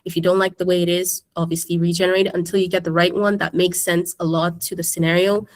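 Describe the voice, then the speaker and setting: A woman's voice: fairly low pitch, little pitch movement, fast talker. A woman teacher giving a casual screen-share tutorial in a classroom, chatting and checking in with her students. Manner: chatty, keeps addressing the class.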